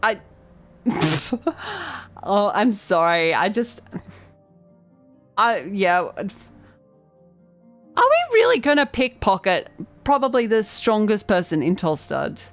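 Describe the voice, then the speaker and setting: Chatty, excitable woman streamer. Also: medium pitch, slow, long pauses, faint music behind. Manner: excitable, chatty, self-deprecating. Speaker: vtuber streamer. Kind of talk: live game streaming and reading game text aloud.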